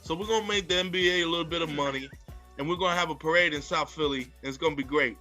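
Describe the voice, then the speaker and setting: A man's voice: a little high, very fast, sharp tone, faint music behind. A young man co-hosting a podcast, hyped, boastful and playful in casual sports chat. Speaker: podcast co-host.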